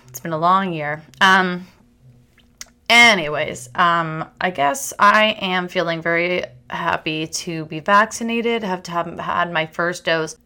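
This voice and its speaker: Chatty, bright-voiced woman podcast host. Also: lowish voice, clean tone. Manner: chatty, rambling, self-deprecating, with restarts and quick laughs. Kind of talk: casual chat monologue.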